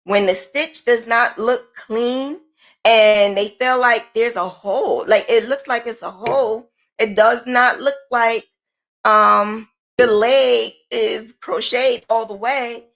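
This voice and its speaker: A woman's voice: on the high side, fairly even intonation, takes it slowly, creaky, fairly bright tone. A woman crochet vlogger chatting casually and candidly, swearing now and then and acting out the people she quotes. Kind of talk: casual chat.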